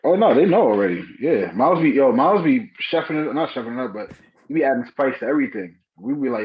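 A man's voice: medium pitch, animated, fast. A man in his thirties, a dad, chatting casually with loose slang and frequent laughter. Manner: laid-back slang, laughs often. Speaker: podcast co-host. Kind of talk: casual chat. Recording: muffled lo-fi mic.

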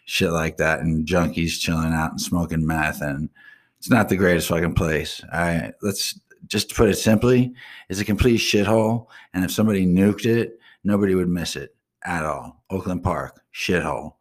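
Young South Florida man, very deep voice, crude and profane host rant. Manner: crude, blunt, swearing constantly. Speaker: radio show host. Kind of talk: profane ranting monologue.

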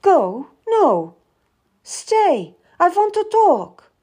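A distraught young noblewoman, put on by a woman reading a story aloud. She speaks high and slowly, earnest and pleading, with words that sometimes drift back from the mic. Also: very animated, darkish tone, exaggerated voice. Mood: insistent.

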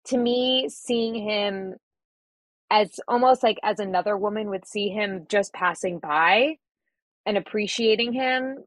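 A woman's voice: mid-range voice, measured pace, dry recording, poor audio. A woman in casual podcast chat, talking about her relationship, with frequent "like" fillers. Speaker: podcast co-host.

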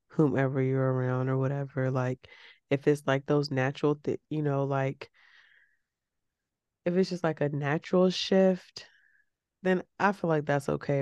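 A woman co-hosting a podcast in casual chat, animated and emphatic, her voice leaping up when she makes a point. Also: low-pitched, no room sound. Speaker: podcast co-host.

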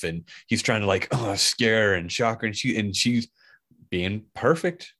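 A man's voice: medium pitch, lively intonation, moderate pace, a bit bright. A man in a casual podcast chat, rambling through a retelling of a film scene and acting out the quotes.

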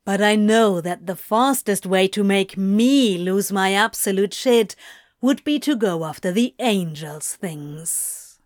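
A woman's voice: medium pitch, lively intonation, slow, dry recording, clean studio sound. A woman voicing a sneering male demon who drawls mockingly.

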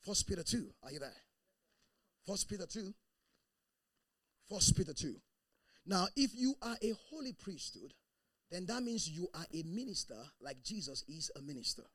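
A man preaching a sermon as pastor, animated, breaking into laughter and shouted bursts. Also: high voice, moderate pace, long pauses, dry recording.

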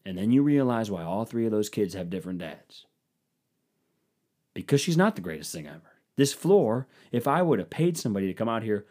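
A man telling a crude, animated comic story about laying a floor, acting out his friends' lines in low mumbles. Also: normal speed. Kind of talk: profane comedic storytelling.

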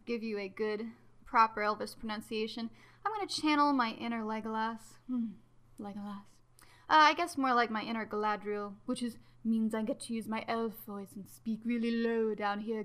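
A woman with a bright, forceful voice pitched a little high hosts a podcast in casual talk. She is animated and excitable and pokes fun at herself for being a nerd. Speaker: podcast host.

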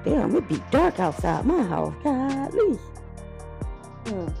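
A woman's voice: on the high side, takes it slowly, creaky, faint music behind. A woman, talking in a blunt, profane, casual monologue as a podcast host. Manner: blunt and profane, heated and animated when worked up.

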